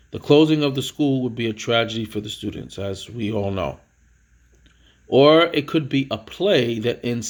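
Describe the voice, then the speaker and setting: A man teaching a vocabulary lesson, reading words and definitions aloud in a casual way, with fillers and self-corrections. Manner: reads each headword louder and higher, then drops to explain.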